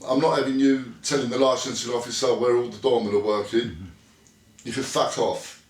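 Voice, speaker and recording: This interview guest, a former bouncer from Britain, moves briskly through a rough anecdote, cursing and acting out the quoted lines with blunt delivery. His mid-range voice keeps a fairly even intonation, captured by a distant mic in an echoey space that leaves him a little off-mic.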